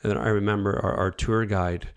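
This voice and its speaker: A man hosting a podcast, telling a personal story in a casual, animated way and acting out the dialogue. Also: lowish voice, brisk, smooth. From Canada. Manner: animated, acts out quoted dialogue. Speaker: podcast host.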